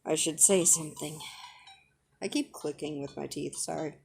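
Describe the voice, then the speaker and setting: A woman's voice: sits low, normal speed, gravelly, a little mellow, slight background noise. A woman giving casual let's-play commentary with self-deprecating, apologetic asides. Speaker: gamer playing a dating sim.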